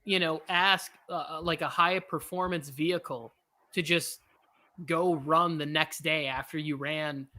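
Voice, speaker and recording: Man, watch-party co-host, casual rambling game talk, bright forward tone. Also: on the high side, fairly even intonation. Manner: rambling, quick asides, self-mocking. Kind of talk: casual live game commentary.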